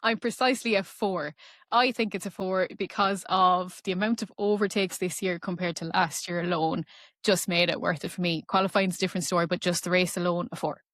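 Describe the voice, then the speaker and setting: A woman's voice: lowish voice, steady tone, fairly quick, fairly bright tone, no room sound, clean studio sound. A woman co-hosting a casual podcast, making brief, matter-of-fact remarks. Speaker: podcast co-host.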